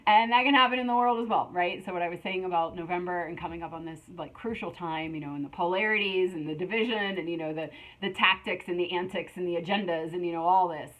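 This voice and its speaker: A woman's voice: on the low side, fairly even intonation, quick pace, hardly any pauses, a bit bright, rough recording. A middle-aged woman giving a casual spiritual tarot reading, rambling with many fillers and restarts. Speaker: tarot reader.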